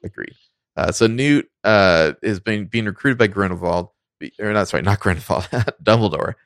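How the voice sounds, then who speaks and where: A man's voice: lowish voice, normal speed, no echo, clean studio sound. A man co-hosting a podcast, chatting loosely about a film and swearing casually, with a lot of "like". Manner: loose and profane, heavy use of "like". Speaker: podcast co-host. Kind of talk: casual film review chat.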